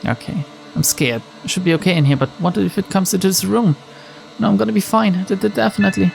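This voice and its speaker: A woman's voice: medium pitch, fast talker, gravelly, darkish tone, faint music behind, pitched above the performer's own voice. A woman reading aloud as a frightened young woman detective hiding from a monster in a game, stammering and pleading. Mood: tense. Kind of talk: reading a visual novel's lines aloud.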